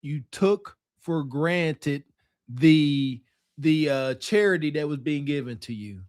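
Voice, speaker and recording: A man's voice: fairly high pitch, takes it slowly, a little mellow, smooth, dry recording, studio quality. A man co-hosting a podcast, giving mocking, emphatic commentary. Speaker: podcast co-host. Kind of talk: casual commentary.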